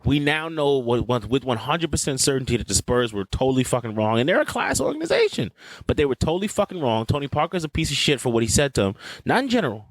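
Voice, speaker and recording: A man's voice: mid-range voice, expressive, quick pace, hardly any pauses, dry recording, rough recording. A man hosting a podcast, ranting bluntly and profanely in casual sports talk. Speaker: podcast host.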